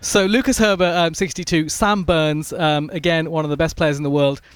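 A man's voice: a little high, moderate pace, clear, resonant tone, no echo. A man reporting on golf in a chatty radio sports discussion, telling stories with lots of fillers. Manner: animated storytelling, frequent fillers.

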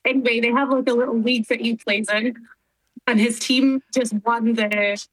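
A Scottish woman in her thirties, chatting as a guest over a remote link in a lively way. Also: fairly high pitch, moderate pace, low-quality recording. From Scotland. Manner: chatty and animated. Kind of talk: casual chat on a remote link.

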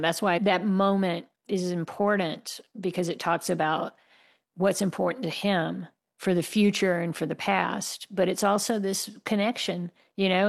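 A woman from the United States, an author answering interview questions in a candid, passionate way and laughing wryly. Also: fairly low pitch. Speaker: author guest.

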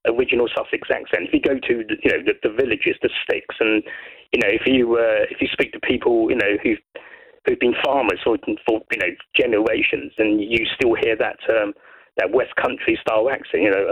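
A man from Brighton calling in to a radio show, chatting in a rambling way with many restarts. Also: medium pitch, fairly quick, breathy edge. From Brighton, England. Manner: rambling, lots of restarts, lively. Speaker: caller. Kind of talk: casual phone-in chat. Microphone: telephone. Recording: muffled phone line.

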